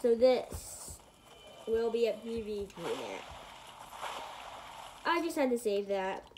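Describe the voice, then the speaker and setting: A woman's voice: a little high, big pitch swings, slow pace, darkish tone, slight background noise, poor audio. A woman giving casual gameplay commentary, rambling to her viewers with lots of fillers and murmuring to herself as she builds. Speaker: gaming channel host.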